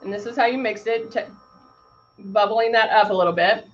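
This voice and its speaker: A woman's voice: mid-range voice, fairly even intonation, normal speed, lo-fi sound, a little hiss or hum. A woman casually demonstrating airbrush makeup on a livestream, greeting viewers by name while she works. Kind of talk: casual live makeup demo chatting with viewers.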